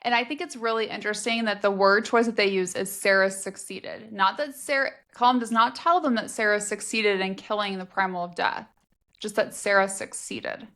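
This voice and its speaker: A woman's voice: medium pitch, brisk, bright, forceful tone. A woman co-hosting a book podcast, recapping the plot in casual chat with quoted asides. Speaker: podcast co-host.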